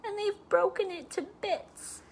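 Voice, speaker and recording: A tiny male baby bear cub cries out in a high, squeaky voice, put on by a woman reading a storybook. He sounds small and upset, his voice jumping well above a grown-up's. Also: measured pace, vocal fry, slight background noise, heavily acted. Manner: high, crying out. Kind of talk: storybook read-aloud.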